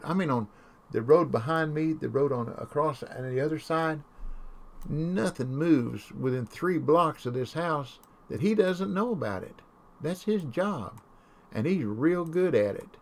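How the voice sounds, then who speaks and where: A man's voice: on the high side, animated, a little slow. A man chatting casually while streaming a game, telling folksy, rambling stories. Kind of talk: casual chat while gaming.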